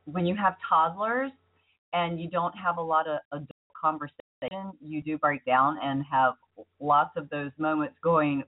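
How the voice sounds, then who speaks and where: A woman's voice: low-pitched, fairly even intonation, a little slow. A woman co-hosting a talk show, sharing personal stories in a candid, reflective way. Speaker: radio talk show co-host. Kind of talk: casual chat. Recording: tinny phone-like line.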